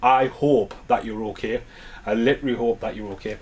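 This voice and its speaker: A man's voice: mid-range voice, fairly even intonation, fairly quick, husky. Man chatting through an unboxing. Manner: chatty, rambling, enthusiastic. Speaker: home media collector vlogger. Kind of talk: casual unboxing chat. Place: at home.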